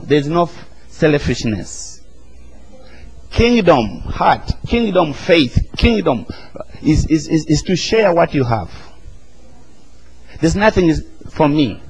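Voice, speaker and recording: A man's voice: a little high, slightly rough, poor audio. A man, preaching an emphatic sermon and calling the congregation to answer back. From Uganda. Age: 40s.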